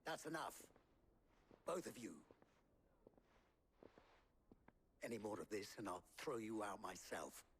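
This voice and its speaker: A grave, composed merchant. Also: male voice, lowish voice, expressive, moderate pace, slight background noise. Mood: stern. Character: composed middle-aged male merchant in a dark age. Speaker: game character.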